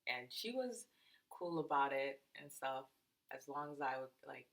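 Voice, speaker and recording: A woman's voice: extremely low pitch, lively intonation, a little slow, gravelly. A young woman with a Massachusetts accent, co-hosting a podcast and telling a story in a chatty way, laughing often and saying "like" a lot. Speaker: podcast co-host. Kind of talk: casual storytelling chat.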